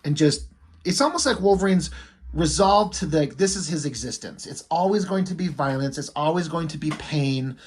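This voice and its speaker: A man's voice: on the high side, lively intonation, moderate pace, breathy edge. A man giving casual, profane commentary as he reviews a comic page by page, thinking aloud and lingering admiringly on the art.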